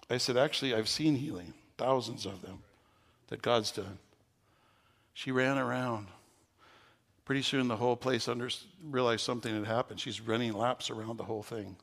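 A man preaching as a pastor, telling a story to his congregation and leading prayer. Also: medium pitch. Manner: storytelling, growing loud and excited at the climax. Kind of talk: sermon.

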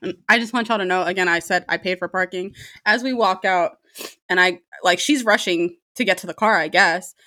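A young woman telling a story about a date in a casual monologue, lively and profane, laughing often. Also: lowish voice, fairly quick. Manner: animated, swears freely, laughs often.

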